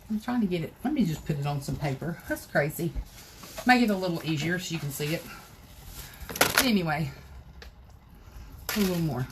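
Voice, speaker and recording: A woman's voice: on the low side, sing-song, a little fast, long pauses, heavy background noise. A woman, hosting a casual live crafting tutorial at home and chatting straight to her viewers. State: out of breath.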